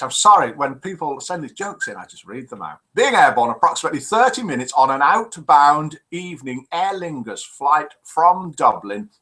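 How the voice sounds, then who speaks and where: A man's voice: on the high side, sharp tone, breathy edge, low-quality recording. A man over fifty hosting a live online chat show, chatty and teasing as he reads out viewer comments. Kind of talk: casual live-stream chat reading out messages.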